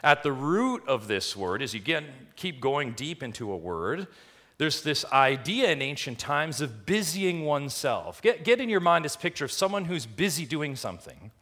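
A man preaching a sermon, emphatic and full of rhetorical questions, swinging between quiet stretches and loud, rising lines. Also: a little high, very animated, normal speed. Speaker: pastor.

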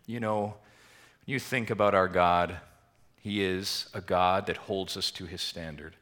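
A man preaching a sermon to his church congregation, asking rhetorical questions and swinging between emphatic swells and quiet drops. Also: low-pitched, fairly even intonation, a little slow. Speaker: pastor.

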